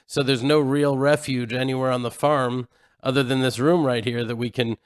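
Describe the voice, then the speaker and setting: A man co-hosting a casual radio talk show from a home office built into a hillside, chatty and laughing easily, with quick bursts of speech. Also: mid-range voice, fairly even intonation, smooth.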